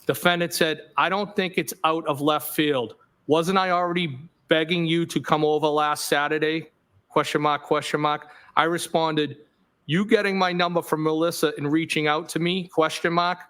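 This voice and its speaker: A man testifying in a courtroom as a witness, reading out text messages in a measured way and naming the punctuation aloud. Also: on the high side, steady tone, fairly bright tone, clean tone. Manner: measured reading aloud, reads punctuation such as "question mark" aloud.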